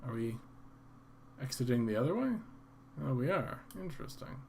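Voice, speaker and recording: A man's voice: mid-range voice, sing-song, normal speed, gravelly, darkish tone, slight background noise. A man hosting a gaming channel, reading the game's text aloud with playful, amused asides.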